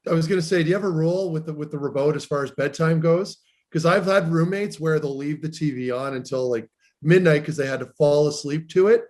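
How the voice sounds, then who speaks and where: A man with a voice pitched a little above most, co-hosting a casual podcast. He spins loose, animated stories studded with filler words, talking like he's among old teammates. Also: brisk. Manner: animated, rambling anecdotes with many "like"s. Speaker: podcast co-host, former pro hockey player. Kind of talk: casual chat, storytelling.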